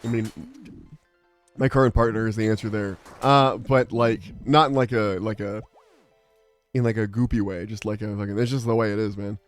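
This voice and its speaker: A man's voice: fairly low pitch, steady tone, normal speed, smooth, soft background music. A young adult man streaming, chatting casually in a rambling, exasperated, profane way. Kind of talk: casual livestream chat.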